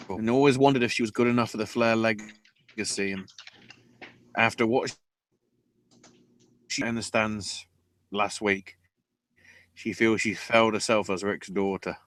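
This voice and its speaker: Slow, low-voiced profane podcast host. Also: male voice, fairly bright tone. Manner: profane, sarcastic, unhurried drawl. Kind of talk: casual wrestling recap chat.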